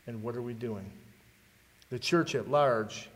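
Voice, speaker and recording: A man's voice: medium pitch, a little slow, fairly bright tone. A man preaching a sermon, asking the congregation rhetorical questions and giving dramatic readings. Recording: long hall reverb.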